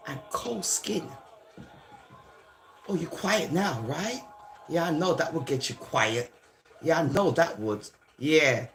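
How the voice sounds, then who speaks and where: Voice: mid-range voice, fairly bright tone. Teasing sing-song voice. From Jamaica. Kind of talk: taunting comic monologue.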